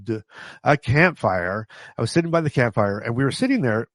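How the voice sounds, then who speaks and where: A man's voice: medium pitch, lively intonation, fairly quick, no echo. A man telling funny stories from his own life in a casual, self-mocking way, laughing often and stopping to restart his sentences. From Canada. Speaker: vlogger. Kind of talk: casual storytelling to camera.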